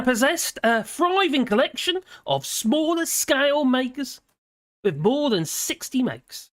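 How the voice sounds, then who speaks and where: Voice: sits high, fairly bright tone, no echo, clean studio sound. A British host in their fifties, chatting casually on a live stream and reading out notes, rambling off on tangents and laughing along the way. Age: 50s. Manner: rambling, chatty, often laughing and wandering off topic. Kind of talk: casual commentary reading and digressing.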